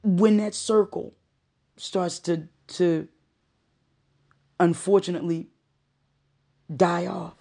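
A woman's voice: fairly low pitch, fairly even intonation, takes it slowly, pauses often, mellow. A middle-aged woman giving a heartfelt monologue, with emphatic, repeated phrases and moments of choking up. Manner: emotional, choking up.

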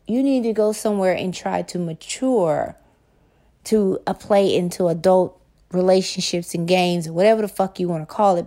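A woman's voice: on the low side, mellow. A woman in a casual monologue, talking bluntly and swearing freely, acting out both sides when she retells arguments.

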